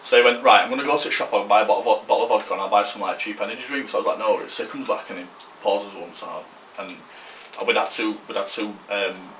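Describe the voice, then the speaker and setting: A man's voice: lowish voice, quick pace, fairly bright tone, echoey room, far from the mic, slight background noise. A man, telling a rambling story on a podcast, slangy and swearing freely. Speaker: podcast co-host. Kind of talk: casual storytelling.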